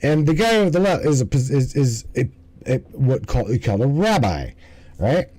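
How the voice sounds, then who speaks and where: A man's voice: mid-range voice, big pitch swings, normal speed, dark tone, no echo, low-quality recording. Rambling, profane male stream host. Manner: rambling, profane, stumbles and restarts. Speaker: livestream host. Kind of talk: casual commentary.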